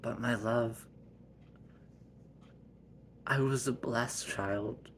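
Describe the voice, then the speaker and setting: A man improvising a family story, softly spoken and sometimes dropping to a whisper. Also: mid-range voice, steady tone, slow, pauses often, a little hiss or hum.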